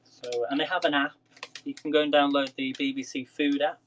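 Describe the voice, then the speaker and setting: Man, chatty live-stream cook, slightly high voice, faint hum behind. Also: flat delivery, fairly quick, fairly bright tone, rough recording. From England. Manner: chatty, laughs often, chats with viewers by name. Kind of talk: casual live-stream cooking chat. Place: home kitchen.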